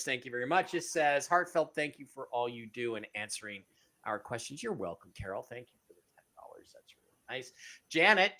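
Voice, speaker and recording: A man co-hosting a live stream, reading out viewer donations and their questions. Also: medium pitch. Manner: reads donor messages aloud, animated.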